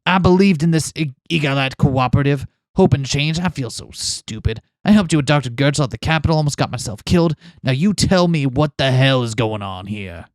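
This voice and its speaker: A man's voice: mid-range voice, lively intonation, fairly quick, few pauses, no echo, lightly acted. A man voicing an angry, betrayed male detective, reading game dialogue in an accusing, indignant tone. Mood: hurt. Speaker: let's play host voicing game characters.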